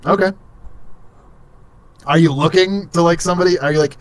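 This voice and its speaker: A man's voice: a little high, normal speed, dry recording. A young man narrating as game master in a casual, rambling way full of fillers.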